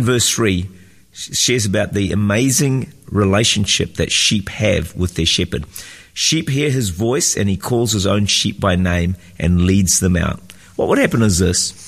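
A man's voice: lowish voice, creaky, breathy edge, in a large hall. A man preaching an earnest devotional sermon as a pastor, reading scripture and teaching emphatically.

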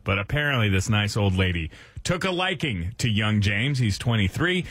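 A man's voice: fairly low pitch, very animated, moderate pace, fairly bright tone, dry recording. Playful male morning radio host. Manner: playful, teasing, laughs often. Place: radio studio.

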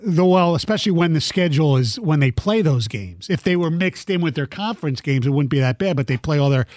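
Male sports radio host, emphatic, a bit high-voiced, dry close mic. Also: animated, fairly quick, darkish tone, no room sound. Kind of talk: sports talk radio, reading listener texts.

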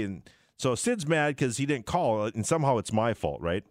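A man who works in sports radio, telling stories in casual chat, lively and giggly, stumbling over repeated words as he starts. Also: medium pitch, fairly quick, dry recording, studio quality.

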